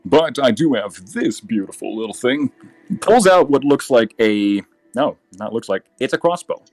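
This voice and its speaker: A man narrating as game master in a tabletop game, relaxed, with frequent fillers and self-corrections. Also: mid-range voice, moderate pace, no room sound, faint music behind.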